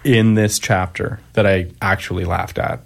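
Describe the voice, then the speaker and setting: A man's voice: deep voice, steady tone, moderate pace, gravelly. A man co-hosting a casual movie podcast, wry and sarcastic, often laughing as he talks. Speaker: podcast co-host. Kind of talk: casual movie review chat.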